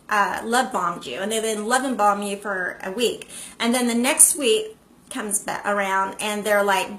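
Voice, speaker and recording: A woman's voice: fairly high pitch, bright, forceful tone. A woman hosting a live stream, chatting casually to viewers and greeting them by name. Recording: echoey room.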